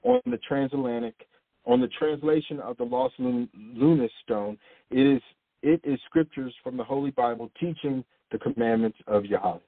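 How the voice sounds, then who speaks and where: A man's voice: medium pitch, normal speed, husky. A man teaching from scripture, reading long passages aloud and checking in with his listeners with "okay?". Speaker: bible teacher. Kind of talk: sermon-style bible teaching. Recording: tinny phone-like audio.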